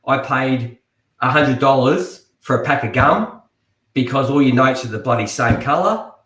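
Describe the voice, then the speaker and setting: A man's voice: medium pitch, moderate pace, a bit bright. An Australian man co-hosting a podcast, telling rambling stories with frequent restarts. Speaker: podcast co-host. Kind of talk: casual podcast chat. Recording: echoey room.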